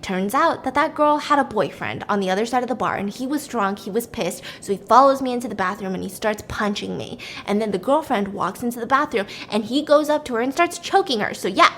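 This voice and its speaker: A woman's voice: a little high, lively intonation, fairly quick, hardly any pauses, fairly bright tone, a little hiss or hum. A woman voicing an injured, angry male groundskeeper who defends himself heatedly. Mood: defensive.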